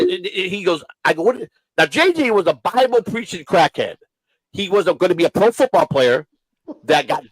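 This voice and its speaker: High-voiced man telling rambling stories. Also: a bit bright, dry recording, low-quality recording. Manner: rambling, halting, with restarts. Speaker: show host. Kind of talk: casual storytelling chat.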